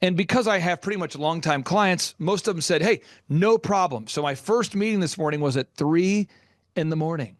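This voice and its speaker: A middle-aged man, a business coach guest, telling stories with passion and sometimes getting loud. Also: a little high, dry recording, studio quality. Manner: passionate, loud at times, rapid storytelling. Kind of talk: energetic storytelling interview.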